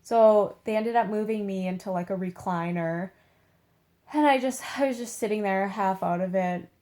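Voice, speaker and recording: A young beauty vlogger lies in bed at home, casually telling a story to camera in a mid-range, warm, mellow voice at a moderate pace. She sounds laid-back and chatty, uses "like" constantly, and puts on little voices to act out the people she quotes.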